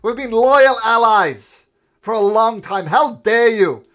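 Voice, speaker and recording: A man voicing Cudgel, an indignant, blustering male leader who shouts his lines in a tabletop game. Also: very high voice, expressive, slow pace, pitched above the performer's own voice, heavily acted. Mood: outraged.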